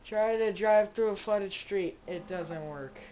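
Slow-talking woman chatting through a game. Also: medium pitch, dark tone, highs cut off, slight background noise. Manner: rambling, joking, talks to her game characters. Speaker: gamer playing a zombie survival game. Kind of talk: casual let's-play commentary.

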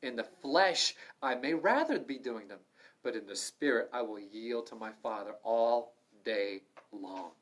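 A man's voice: mid-range voice, lively intonation, a little slow, a bit bright. A man leading a livestreamed Bible study, preaching fervently with sudden emphatic stresses. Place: room in an assisted living home.

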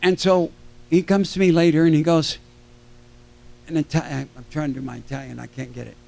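Older man spinning lively stories. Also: a little high, fairly quick, vocal fry. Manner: animated anecdotes, acting out quoted voices. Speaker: convention panel guest. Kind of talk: storytelling to a live audience. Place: convention stage.

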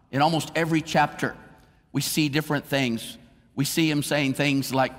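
Male pastor, mid-pitched, sermon delivery with dynamic swings, reverberant church room. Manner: expressive preaching, drops soft and slow for emotional moments.

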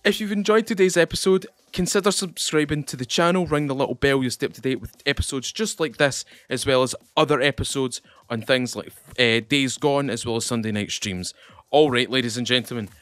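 A man from the UK chatting excitedly to viewers while playing a game. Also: medium pitch. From United Kingdom. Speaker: gaming channel host. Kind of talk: casual gameplay commentary.

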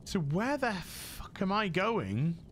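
A man's voice: high voice, very animated, slow, slight background noise. A man giving casual let's-play commentary as a gaming host, muttering to himself and swearing now and then.

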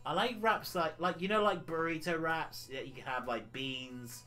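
A man's voice: a little high, moderate pace, pushed and bright, soft background music. A man from the UK chatting casually on a retro gaming livestream, rambling and laughing often.

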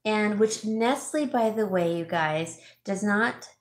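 A middle-aged woman hosting a casual haul vlog, chatting warmly and thanking viewers by name as she opens gifts. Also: medium pitch, slow. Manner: chatty, gushing, reads viewer names aloud. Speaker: vlog host, home stager. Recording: roomy echo, faint background noise.

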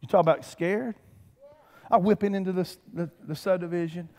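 A man, preaching a lively, conversational sermon with humor and calls to the congregation. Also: high-pitched, moderate pace. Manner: animated, conversational preaching with humor and audience call-outs. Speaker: pastor. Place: church sanctuary. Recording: church hall reverb.

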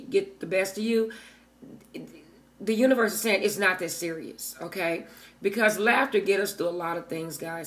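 Blunt, profane woman reading oracle cards. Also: fairly low pitch. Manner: blunt and profane, laughs often; talks straight to viewers, frequent "okay?". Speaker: tarot card reader. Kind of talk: casual oracle card reading to viewers.

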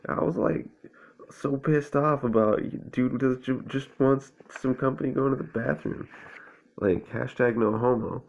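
A man's voice: mid-range voice, fairly even intonation, unhurried, vocal fry, darkish tone. A young man reading a children's book aloud with laid-back, profane, slangy commentary. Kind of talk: casual read-aloud with crude commentary. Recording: tinny phone-like sound.

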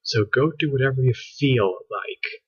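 A man's voice: medium pitch, husky, lo-fi sound. A man doing a bossy girl mad scientist. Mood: determined. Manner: brisk, matter-of-fact, near his own voice.

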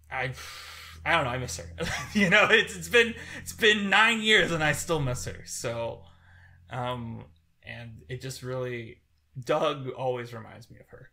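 A young man in his twenties co-hosting a podcast, rambling in a halting way with many restarts and getting teary as he talks. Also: mid-range voice, pushed and bright. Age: 20s. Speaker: podcast co-host. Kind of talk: casual podcast chat.

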